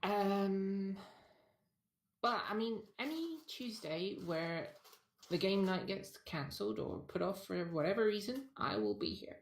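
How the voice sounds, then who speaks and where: A woman's voice: mid-range voice, big pitch swings, measured pace, echoey room. A woman who is a returning guest co-host on a stream, chatting casually, giggly and easygoing. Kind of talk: casual chat.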